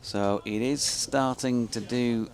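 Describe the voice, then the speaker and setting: A man's voice: medium pitch, steady tone. A man commentating live on cricket, calling each ball and trading dry quips with his co-commentator. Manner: dry, quick wit in banter.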